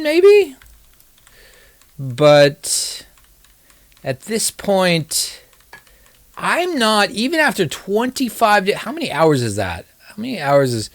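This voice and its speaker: Slow, rambling man streaming a game. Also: on the high side, a bit bright, no echo. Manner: rambling, wry and self-mocking. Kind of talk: casual live-stream commentary while gaming.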